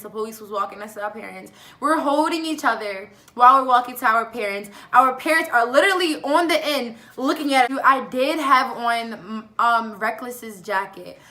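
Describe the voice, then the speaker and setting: High, bright-voiced teen girl telling a story. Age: teenager. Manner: animated, acts out quoted lines with fillers. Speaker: vlogger. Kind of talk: casual storytime.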